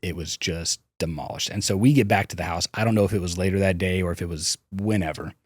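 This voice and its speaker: A man's voice: low voice, steady tone, quick pace, slightly rough, no echo. A man, a podcast guest, candidly recounting his childhood, swearing freely and restarting his sentences. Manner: frank, swears, hesitant restarts. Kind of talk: candid personal storytelling.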